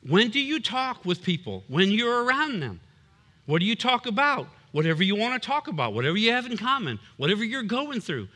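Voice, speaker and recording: A man's voice: high voice, sing-song, brisk, sharp tone. A man preaching a sermon as a pastor, emphatic and punchy, with humorous asides.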